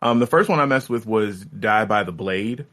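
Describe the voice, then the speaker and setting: A congested man co-hosting a gaming podcast, rambling in a laid-back way with lots of pauses. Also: lowish voice, fairly bright tone. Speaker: podcast co-host. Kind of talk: casual gaming chat.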